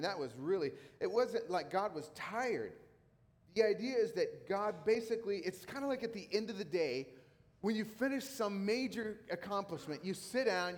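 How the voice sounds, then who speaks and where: A middle-aged man who is a pastor, preaching a sermon in a casual, conversational way with emphatic repetition. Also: high-pitched. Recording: long hall reverb.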